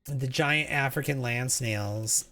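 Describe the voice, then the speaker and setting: A man's voice: medium pitch, takes it slowly, bright, forceful tone. A man streaming a game, chatting casually in a rambling way, reading chat aloud and often restarting his sentences.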